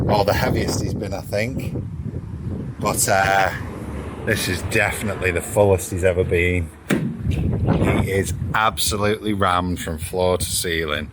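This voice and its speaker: A man's voice: low voice, steady tone, moderate pace, noisy background. A man casually narrating a vlog with chatty, rambling updates on his home and van work. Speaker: vlogger. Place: van and house during a move.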